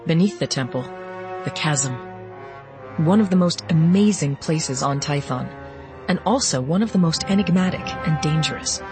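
A woman reading an audiobook in measured scripted narration. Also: low-pitched, animated, over music, rough recording.

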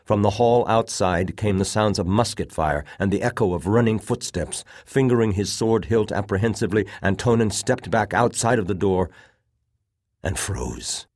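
Low-voiced male audiobook narrator. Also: dry recording, clean studio sound. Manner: steady, measured reading.

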